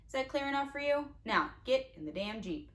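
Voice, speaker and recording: A woman's voice: high-pitched, very animated, a little fast, fairly bright tone, pitched above the performer's own voice. A woman reading a storybook aloud, voicing a sneering, menacing adult male villain with a mocking, threatening manner.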